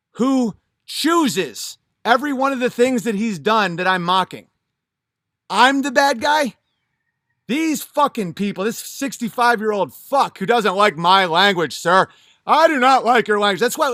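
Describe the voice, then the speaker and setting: High-voiced man on a profane rant. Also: a bit bright, no echo, studio quality. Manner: blunt, profane, ranting. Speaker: comedian.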